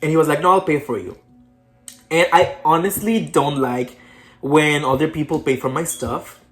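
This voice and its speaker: A woman's voice: low voice, normal speed, soft background music. A young woman casually telling her own story to the camera, candid and conversational as she speaks straight to her viewers. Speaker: vlogger telling a personal story.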